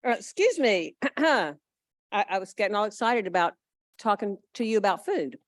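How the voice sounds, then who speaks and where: A woman's voice: medium pitch, very animated, moderate pace, no echo. A woman reads out speaker introductions at a club meeting. She drops in chatty asides between them. The sound is dry and close. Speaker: event introducer.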